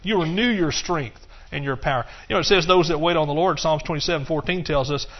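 Speaking fast and on the high side, a middle-aged preacher delivers his sermon over slight background noise. Breaking into song and laughter, he calls out to the congregation, though the recording sounds dull and muffled.

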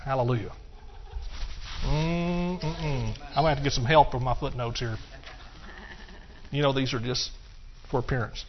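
A man's voice: medium pitch, a little slow, long pauses, a little hiss or hum. A middle-aged man preaching a sermon, breaking into song and calling out to his congregation. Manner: bursts into song and laughter, calls out to the congregation. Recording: dull, muffled recording.

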